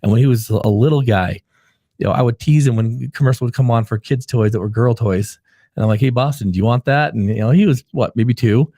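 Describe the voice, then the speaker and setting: A middle-aged man with a warm, mid-range voice speaks briskly in clean, echo-free studio sound. He's a therapist hosting a live show, giving casual advice chat earnestly in a coaching tone and sharing family stories as guidance.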